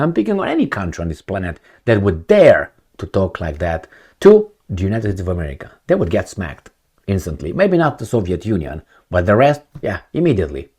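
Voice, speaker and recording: A man giving blunt solo commentary, firing rhetorical questions and swinging between loud and soft. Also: on the low side, breathy edge. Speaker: political commentator.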